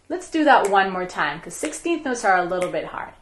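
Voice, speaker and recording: A woman teaching a recorded music lesson for young children, counting beats and speaking rhythm syllables in a slow, clear, patient way. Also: medium pitch, sing-song, a little hiss or hum. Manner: slow, clear, patient classroom delivery with counted clapping chants.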